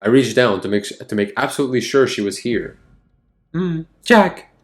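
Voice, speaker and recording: A man's voice: fairly low pitch, fast. A man reading a story game aloud, with wry, exasperated asides between passages. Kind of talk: narrating and commenting casually.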